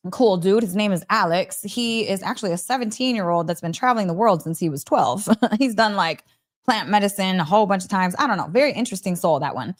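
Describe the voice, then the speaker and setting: A young adult woman telling a personal story to camera in a casual vlog, animated and laughing often. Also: mid-range voice. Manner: animated, laughs often, acts out quoted voices. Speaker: vlogger.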